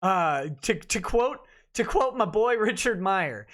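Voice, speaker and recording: A man's voice: high voice, very animated, unhurried, a bit bright. Sarcastic man reading out a legal complaint. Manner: reads dense legal text aloud, breaking off for sarcastic asides; informal, jokey and blunt. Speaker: host reading a lawsuit complaint. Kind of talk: live-stream legal commentary.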